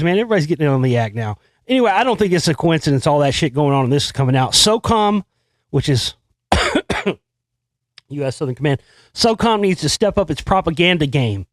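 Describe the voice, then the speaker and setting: A man hosting a talk show in a slightly high voice, recorded dry and close. He rambles through news stories with sarcastic, profane asides. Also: lively intonation, moderate pace, long pauses, dry recording. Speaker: host. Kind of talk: casual monologue commenting on news.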